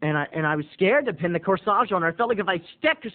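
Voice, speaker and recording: A man telling a comic personal story to viewers in an animated way, addressing them directly. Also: sits high, very fast, hardly any pauses. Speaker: video blogger. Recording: tinny phone-like audio.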